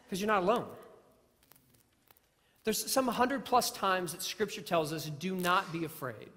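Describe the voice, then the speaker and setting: Preacher in an echoing church. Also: male voice, high-pitched, expressive, measured pace, sharp tone. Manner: earnest storytelling with self-deprecating humor; repeats phrases and restarts words. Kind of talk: sermon. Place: church sanctuary. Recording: long hall reverb.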